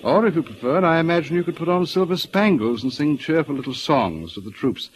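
A man's voice: on the high side, expressive, brisk, a little hiss or hum, lightly acted. An actor playing a sardonic man who needles and insinuates, in 1940s radio acting style. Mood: taunting. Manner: mocking, insinuating.

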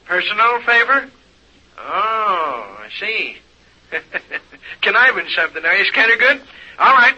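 An actor playing a busy, impatient small-town mayor in a vintage radio drama. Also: male voice, sits high, big pitch swings, measured pace, pauses often, pushed and bright, slightly rough, exaggerated voice. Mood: blustery. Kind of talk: 1940s radio acting. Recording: dull old radio recording.

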